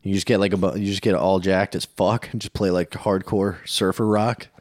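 A man's voice: low voice, steady tone, normal speed, darkish tone, dry recording, clean studio sound. A man co-hosting a comedy podcast, chatting casually with crude, offhand swearing. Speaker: podcast co-host.

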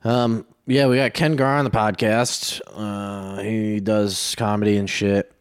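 A man with a fairly low voice co-hosts a comedy podcast. He talks offhandedly, swearing often. The sound is dry and close. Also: level tone, unhurried, smooth, dry recording. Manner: crude, profane, offhand. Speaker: podcast co-host. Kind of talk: casual comedy podcast banter.

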